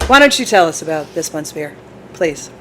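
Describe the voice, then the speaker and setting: A woman's voice: low-pitched, sing-song, moderate pace, a bit bright, slight background noise, poor audio. A woman co-hosting a casual podcast, talking in a chatty, rambling, self-deprecating way. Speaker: podcast co-host. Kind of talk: casual chat. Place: bar in a bookstore.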